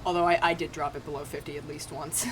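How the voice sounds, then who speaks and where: An American woman streams a video game, chatting casually with viewers in a low voice that barely moves in pitch and runs fast. She's self-mocking, swears freely, and laughs often, all over a noisy background.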